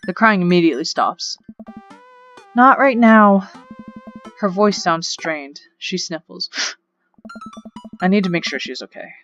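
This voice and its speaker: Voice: medium pitch, fairly bright tone, lo-fi sound. Chatty let's play host reading game text. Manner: chatty, rambling asides with frequent laughs. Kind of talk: reading game text aloud with casual commentary.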